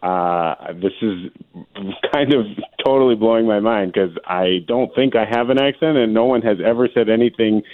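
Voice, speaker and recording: A man's voice: on the low side, moderate pace, no room sound. A man on the phone with the radio hosts, bewildered but easygoing. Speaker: caller. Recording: tinny phone line.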